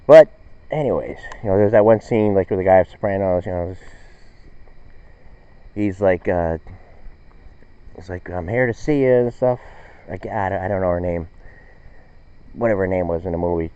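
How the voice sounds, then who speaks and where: A man's voice: sits low, moderate pace, pauses often, mellow, clear, resonant tone, no echo. A man hosting a show in a casual, rambling monologue, correcting himself and losing the thread. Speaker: host. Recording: dull, dry recording.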